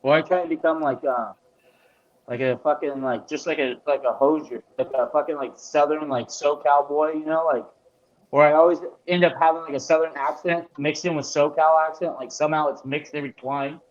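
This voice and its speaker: A man's voice: fairly high pitch, fairly even intonation, fairly quick. A man chatting casually as a podcast co-host, rambling with lots of fillers. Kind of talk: casual chat. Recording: dull lo-fi mic.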